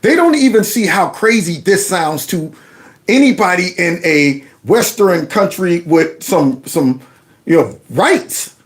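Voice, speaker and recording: A man's voice: high-pitched, animated, slow. A man hosting his own commentary channel, reacting to a news clip in an incredulous, ranting way and acting out quotes.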